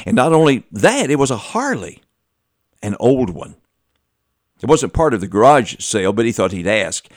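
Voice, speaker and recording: A man preaching a sermon and telling a story, swinging from loud emphatic lines to quiet, slow, drawn-out phrases and laughing between lines. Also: on the low side, sing-song, dry recording, clean studio sound.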